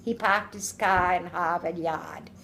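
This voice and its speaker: A woman's voice: fairly low pitch, fairly even intonation, unhurried, creaky, fairly bright tone, slight background noise. Older woman, oral history interviewee, rambling storyteller, laughs often. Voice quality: laughs often while telling stories. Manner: chatty, rambling with restarts and quoted dialogue.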